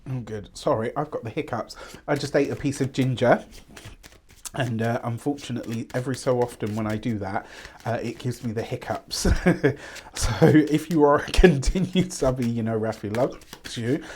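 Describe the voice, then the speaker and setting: Man, mid-pitched voice, tarot host who chats loosely with lots of asides. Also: normal speed, a little hiss or hum. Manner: warm, rambling, fond of fillers and asides. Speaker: tarot reader. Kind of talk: chatty tarot reading to camera.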